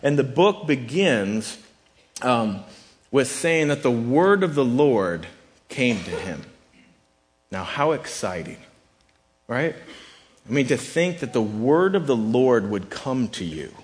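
A man's voice: medium pitch, big pitch swings, takes it slowly, long pauses. A man preaching a sermon in a conversational way, sometimes acting out the voices he quotes. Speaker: pastor.

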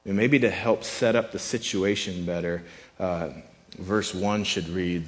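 A man's voice: low-pitched, steady tone, measured pace. A man delivers a sermon in an easygoing, conversational style. He slips into quoted voices now and then to make his point, but mostly he just talks to the room. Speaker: pastor.

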